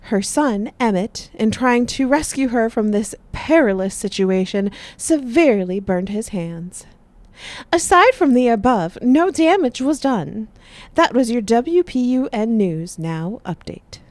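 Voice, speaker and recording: A woman's voice: fairly high pitch, big pitch swings, measured pace, a little mellow, dry recording. Woman narrating like an old radio announcer. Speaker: narrator and newsreader. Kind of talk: scripted radio-drama narration.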